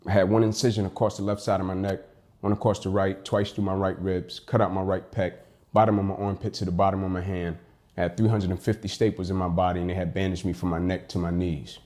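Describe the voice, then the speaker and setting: A man's voice: low voice, little pitch movement, fast talker, a little mellow. Emphatic man telling a life story. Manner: emphatic, acts out quoted dialogue. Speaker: motivational speaker. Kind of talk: personal storytelling speech.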